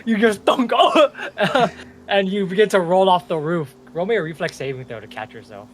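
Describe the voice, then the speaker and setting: Young man, game master, animated swooping voice, slightly high, chatty narration with chuckles. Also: moderate pace.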